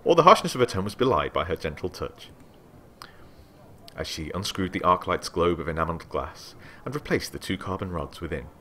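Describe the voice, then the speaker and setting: Male let's play host, deep, bright-edged, animated reader. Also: fairly quick, slight background noise. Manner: excitable, animated, reads aloud with asides. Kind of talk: let's play commentary and reading game text.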